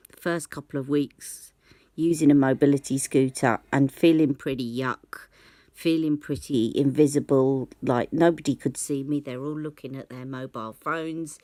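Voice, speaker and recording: Low-voiced woman telling her story. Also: darkish tone, dry recording. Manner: candid, reflective, acts out remembered dialogue. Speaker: beauty vlogger. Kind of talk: personal storytelling to camera.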